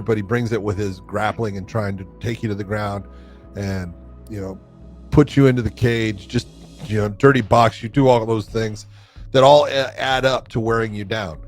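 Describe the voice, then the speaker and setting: A man breaking down fight tactics in an explanatory way, punching some words loudly. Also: lowish voice, moderate pace, faint music behind. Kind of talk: technical breakdown.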